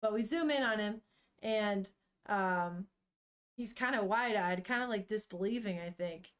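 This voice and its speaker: A woman's voice: medium pitch, a little slow. A woman streamer reading a manga aloud and chatting casually with her viewers, laughing often and swearing now and then.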